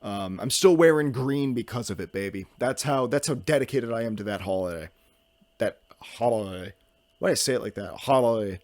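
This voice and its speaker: Goofy rambling young man, lively pitch. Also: quick pace, hardly any pauses, no room sound. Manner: goofy, self-mocking, jumps between topics. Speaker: podcast host. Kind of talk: solo podcast rambling.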